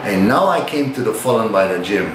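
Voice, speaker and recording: A man's voice: lowish voice, lively intonation, fairly quick, noisy background. An older man telling a story about his past in casual, profane speech, acting out his own reactions. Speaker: retired bodybuilder. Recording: roomy echo.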